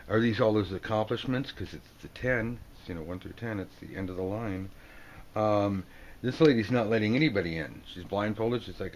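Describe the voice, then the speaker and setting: A man giving a casual tarot video lesson, joking and acting out the people on the cards in quick silly voices. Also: lowish voice. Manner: playful, jokey, acts out card characters in quick silly voices. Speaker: tarot teacher.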